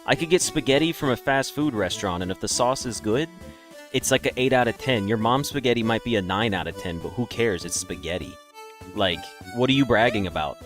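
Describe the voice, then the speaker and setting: A man's voice: medium pitch, lively intonation, a little fast, a bit bright, soft background music. A man giving casual, rambling let's-play commentary with profane, laughing asides. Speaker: gaming video creator.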